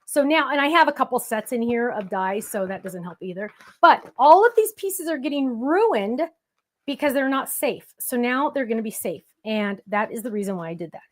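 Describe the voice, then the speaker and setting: A woman with a high voice hosts a live-streamed craft demonstration. She keeps up a chatty, playful patter with her viewers in the chat while she works at her table. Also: lively intonation, normal speed. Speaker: crafting show host.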